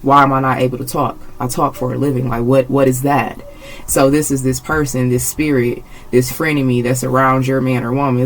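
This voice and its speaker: A woman gives a casual tarot reading, blunt and emphatic, swearing freely, repeating her phrases, and getting agitated. Her voice is very deep and level, a little fast, on a rough recording.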